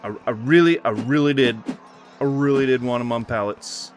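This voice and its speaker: A man giving casual commentary while playing a game, muttering to himself with sarcastic, mock-formal complaints and sudden loud outbursts. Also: mid-range voice, normal speed, faint music behind. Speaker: gaming streamer.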